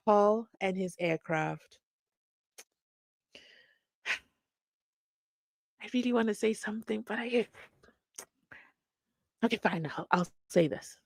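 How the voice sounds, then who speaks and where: A woman's voice: medium pitch, slow pace, creaky, pauses often, no room sound. A woman from South Africa hosting a casual livestream, reading viewer comments and reacting with bursts of song and playful asides. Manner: animated, sings snippets, reads viewer comments aloud. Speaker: livestream host.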